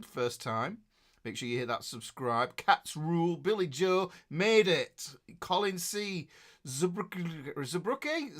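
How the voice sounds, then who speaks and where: A man's voice: on the high side, bright, forceful tone. A middle-aged man, chatting casually as a guitar teacher hosting a live class and reading out viewers' names with jokes and fillers. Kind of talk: casual live-stream chat.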